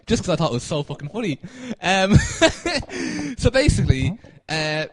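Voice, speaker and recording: Man, podcast co-host, lively swooping pitch, rather high voice, casual story, laughs a lot. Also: unhurried, background noise. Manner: rambling storyteller, laughs at his own stories, swears freely. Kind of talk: casual chat.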